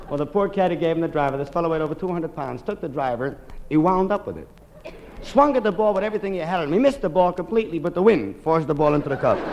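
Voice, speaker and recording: A man delivering a stand-up comedy monologue in a fairly high voice, racing through the story. His deadpan asides land between quick lines. Clear background noise sits under the live recording.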